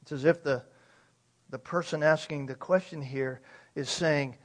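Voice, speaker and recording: High-voiced man preaching with emphasis. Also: fairly even intonation, measured pace. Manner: emphatic, uses rhetorical questions and acted quotes. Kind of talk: sermon.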